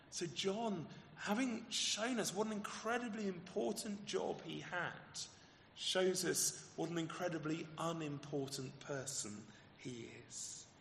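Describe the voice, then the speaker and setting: A man, the vicar, preaching a lively sermon and acting out the quoted exchanges, with some stumbles and repeated words. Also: a little high, creaky, roomy sound, long reverb tail, a little hiss or hum. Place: church.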